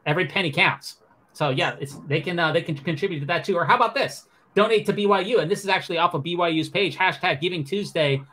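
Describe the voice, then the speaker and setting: A man's voice: high-pitched, sharp tone. A man hosting a podcast, running through the news with sarcastic commentary. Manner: sarcastic, fast-talking. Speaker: podcast host.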